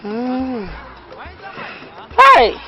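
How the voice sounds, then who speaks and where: An actor with a Nigerian accent playing a teasing young man who heckles his friend with loud exclamations. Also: very high-pitched, animated, creaky, heavily acted, rough recording. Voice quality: exclamatory, teasing, drawn-out reactions. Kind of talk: Nollywood comedy film acting. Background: faint background music.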